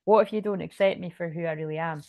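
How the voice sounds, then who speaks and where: Lower-voiced woman chatting through a tarot reading. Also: quick pace, mellow, no room sound. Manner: chatty and rambling, with frequent swearing and restarts. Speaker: tarot reader. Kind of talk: casual tarot card reading.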